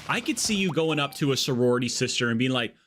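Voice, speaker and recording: A man's voice: medium pitch, lively intonation, fast, over music. Rambling jokey male game streamer. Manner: rambling, jokey, goes off on tangents. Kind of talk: casual live-stream chat while gaming.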